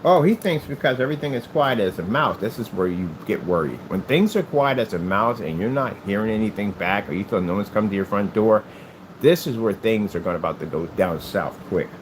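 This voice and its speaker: A man's voice: fairly low pitch, animated, fairly quick, slight background noise, low-quality recording. A man from the United States talking in a rambling, emphatic vlog monologue about his hobby channel. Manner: emphatic, repetitive ranting. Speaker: hobby crafter and channel owner.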